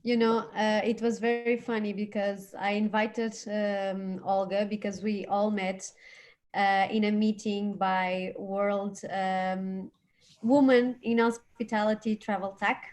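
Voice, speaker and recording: A woman's voice: mid-range voice, flat delivery, slow, a little mellow. A woman hosting a live webinar over a video call, speaking with frequent hesitations and fillers. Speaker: webinar host.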